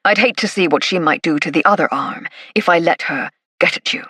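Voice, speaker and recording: A woman voicing a kindly, dry-witted police inspector with a measured delivery. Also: lowish voice, fairly bright tone, breathy edge, no room sound.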